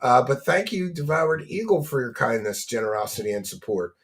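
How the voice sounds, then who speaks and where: A man's voice: mid-range voice, sing-song, brisk. A man hosting a casual commentary stream, mocking his subject, laughing often and thanking donors by name.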